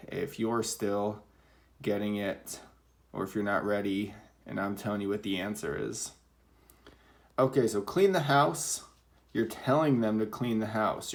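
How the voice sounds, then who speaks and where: A man with a slightly low voice gives a recorded reading lesson to children. He explains patiently and acts out each example sentence. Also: a little slow. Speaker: teacher.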